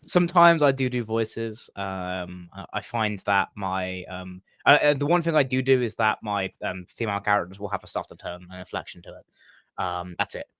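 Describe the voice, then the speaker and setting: On the low side and fairly bright, this man's voice moves at normal speed with no room sound. He is a game master and stream co-host talking about running tabletop games in a casual podcast chat, hesitating with lots of ums and restarts.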